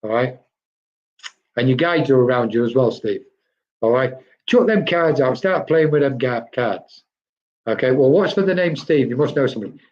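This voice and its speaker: Male medium for a live stream reading, chatty, mid pitch, dull lo-fi sound. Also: animated, normal speed, pauses often, a little mellow. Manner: chatty, addresses viewers by name, quotes spirits.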